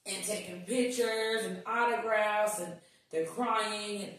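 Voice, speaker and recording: A woman guest on a podcast, telling stories in casual chat, animated and swearing as she acts out what people said. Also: medium pitch, takes it slowly. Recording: echoey room, distant mic.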